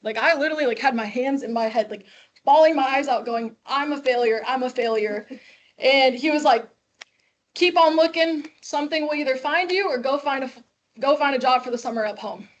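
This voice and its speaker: Young woman from Chicago, guest speaker, animated storyteller, slightly high voice. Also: fairly quick, lo-fi sound. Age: 20s. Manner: lively, acts out quoted dialogue. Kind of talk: storytelling talk to a class. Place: classroom.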